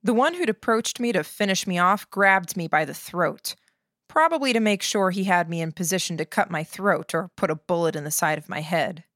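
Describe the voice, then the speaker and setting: A woman reading a first-person novel aloud in a steady, measured way. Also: on the low side, dry recording, clean studio sound. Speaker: audiobook narrator.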